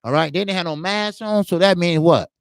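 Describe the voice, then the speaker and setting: A man's voice: high voice, a little fast, clean tone, no room sound, clean studio sound. Man rambling through a street story. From Chicago, USA. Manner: rambling, heavy on "you know" and profanity. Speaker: boxing channel host. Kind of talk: casual storytelling.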